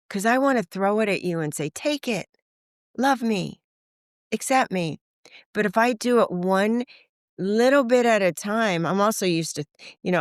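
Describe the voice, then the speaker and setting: An older woman speaking as a podcast guest, frank and animated, swearing casually and acting out the voices in her stories. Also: on the low side, clear, resonant tone, no room sound, studio quality. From United States. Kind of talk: candid conversational interview.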